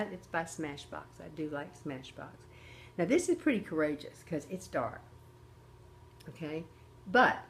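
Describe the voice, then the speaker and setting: A woman's voice: on the low side, slight background noise. An older woman hosting a casual makeup tutorial, chatty and often checking in with her viewers. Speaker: host.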